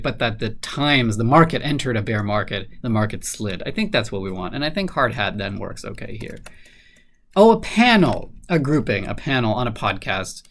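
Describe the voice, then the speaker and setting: A man's voice: medium pitch, vocal fry. A man solving a crossword aloud in a casual, hesitant think-aloud manner, then reviewing the grid. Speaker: crossword solver.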